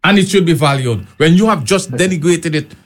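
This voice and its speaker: A man's voice: fairly high pitch, animated, fairly quick. A man arguing passionately as a panel guest, pressing his point over and over. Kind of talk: heated debate.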